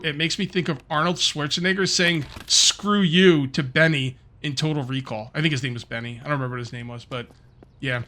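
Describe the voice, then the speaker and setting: This gaming video host, a middle-aged man, has a voice on the high side with a sharp tone. He mutters and thinks out loud in loose, rambling commentary as he plays a survival game.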